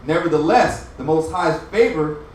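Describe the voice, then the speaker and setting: A man with a high voice reads scripture aloud, verse by verse, in a measured and formal way. He now and then stumbles over a word. He sits away from the mic in a very echoey room. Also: recorded from a distance, slight background noise. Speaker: scripture reader.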